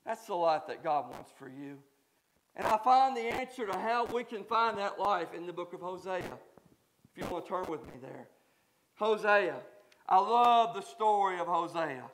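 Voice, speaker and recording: A man with a Southern American accent preaching a folksy sermon in a church, swinging from quiet asides to shouted emphasis. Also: sits high, moderate pace. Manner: folksy, joking. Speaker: guest preacher. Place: church sanctuary.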